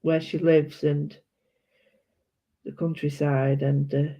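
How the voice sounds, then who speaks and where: A woman's voice: low-pitched, flat delivery, slow pace, warm tone. A British woman chatting casually and rambling while she colours, often correcting herself. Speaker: art vlogger. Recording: dull lo-fi sound.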